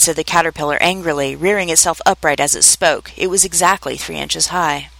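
Woman reading a storybook aloud, lowish voice. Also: fairly even intonation, a little fast, gravelly, a bit bright, dry recording, poor audio. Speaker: narrator.

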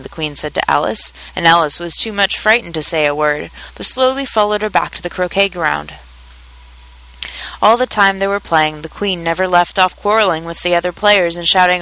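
A storybook narrator reading a classic tale aloud. The voice is bright and forward, at a middle pitch. Quoted characters get a lift in pitch and more force. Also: moderate pace, clean tone, low-quality recording. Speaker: audiobook narrator.

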